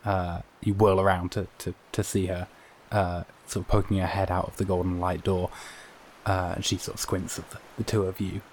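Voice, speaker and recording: A man narrates a tabletop game as game master, halting and full of fillers. His voice sits fairly low. Clear noise hums behind the recording. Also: flat delivery. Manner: hesitant, filler-heavy narration. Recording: noisy background.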